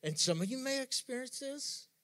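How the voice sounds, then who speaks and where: A man pastor preaching a sermon, emphatic, swinging between loud rising outbursts and sudden soft drops. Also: extremely high pitch, animated, normal speed.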